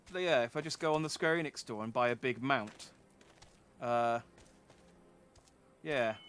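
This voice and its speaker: A man's voice: on the high side, a bit bright. A man streaming a game, chatting casually and joking as he plays. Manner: joking, rambling. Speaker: VTuber streamer. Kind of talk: casual gameplay commentary.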